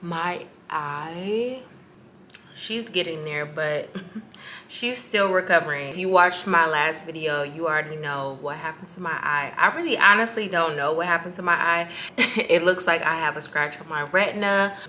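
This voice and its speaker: A woman's voice: low-pitched, moderate pace, sharp tone, a little hiss or hum. A young woman vlogging casually to camera, candid and chatty, laughing between lines and talking about feeling emotional and tired. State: emotional, on her period, tired. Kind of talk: casual vlog chat to camera.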